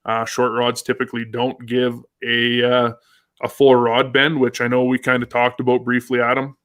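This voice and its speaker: A man's voice: mid-range voice, completely flat delivery, normal speed, fairly bright tone. A man hosting a casual live fishing show, upbeat and chatty, reading out viewer comments. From Canada. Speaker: host.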